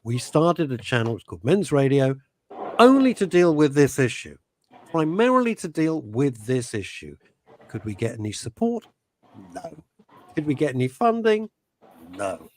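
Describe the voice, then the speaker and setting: A man's voice: on the high side, sing-song, moderate pace, darkish tone, a little hiss or hum. A man hosting a radio talk show, speaking passionately and emotionally, rambling with many restarts. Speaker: host.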